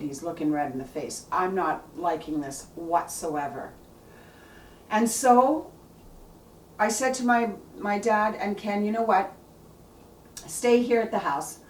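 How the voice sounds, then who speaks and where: A woman's voice: lowish voice, distant mic, slight background noise. A middle-aged woman tells a personal story earnestly and at length, often restarting her sentences. Her voice sits a little back from the mic in an echoey room. A faint ambience runs underneath. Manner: earnest, faith-filled, rambling with many restarts. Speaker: blogger telling a family story.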